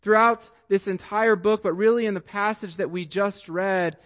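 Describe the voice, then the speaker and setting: A male pastor preaching a sermon in a church sanctuary, telling a story slowly and deliberately with long pauses, in an echoey hall with dull, lo-fi sound. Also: sits high, fairly even intonation.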